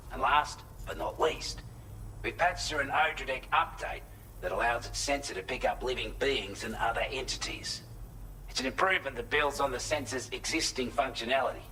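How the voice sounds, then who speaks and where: A man's voice: medium pitch, moderate pace, bright, forceful tone, slight background noise, close to an everyday voice, poor audio. An actor playing a friendly male shelter technician with an Australian accent, briefing a courier in video game dialogue. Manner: upbeat, matter-of-fact briefing.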